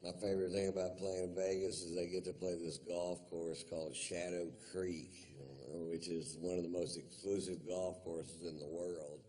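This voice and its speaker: A middle-aged man doing stand-up, telling a story in a drawling, deadpan, profane way on a theater stage. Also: sits low, normal speed, hardly any pauses. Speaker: stand-up comedian.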